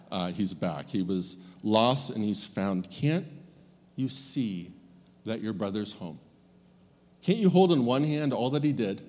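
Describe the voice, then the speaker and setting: A male pastor preaches in an easy, conversational way, often dropping into the voices of the story's characters. His pitch sits right in the middle for a man. The sound carries a long, echoing reverb from a large church space. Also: a little mellow. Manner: conversational, acts out biblical characters' lines. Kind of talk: sermon.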